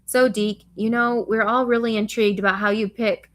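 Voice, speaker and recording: A wry man in the security services, read by a woman, pressing his colleague for a verdict. The delivery is even and flat, with little pitch movement. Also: moderate pace, close to an everyday voice.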